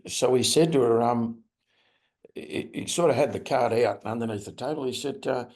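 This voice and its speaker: Homem australiano rouco contando histórias num webinar. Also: male voice, normal speed, darkish tone. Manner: anecdotal, acts out quoted voices in a raised pitch. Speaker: webinar presenter on restorative practice. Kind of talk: storytelling presentation.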